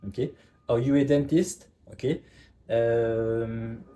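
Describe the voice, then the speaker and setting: A man's voice: medium pitch, unhurried, mellow. A man teaching a French lesson in English, explaining step by step and checking in with "okay?" all the time. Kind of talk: online language lesson.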